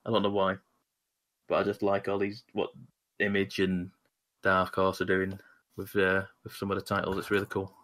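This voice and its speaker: Low-voiced guy rambling about comics on a podcast, lots of ums and restarts. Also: completely flat delivery, normal speed, pauses often, fairly bright tone. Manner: rambling, many restarts and fillers. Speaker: podcast co-host. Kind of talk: casual chat about comics.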